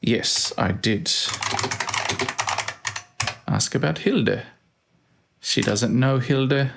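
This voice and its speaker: A man's voice: mid-range voice, extremely slow, gravelly, noisy background. A man hosting a let's play, thinking aloud and reading out game commands with dry asides. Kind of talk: casual gameplay commentary.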